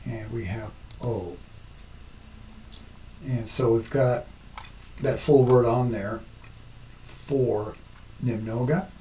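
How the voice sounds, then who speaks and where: Male tutorial host, deliberate and methodical, recorded at a distance with faint background noise. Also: medium pitch, mellow. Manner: slow, step-by-step explaining. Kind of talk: screen-recorded tutorial narration.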